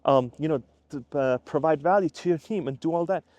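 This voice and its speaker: A man's voice: on the high side, brisk, a little mellow, no room sound, muffled recording. A man working as a career coach, talking bluntly and casually to the camera and acting out what people say to him. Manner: blunt, plain-spoken, acts out quoted people; frequent fillers and restarts, conversational. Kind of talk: casual direct-to-camera monologue.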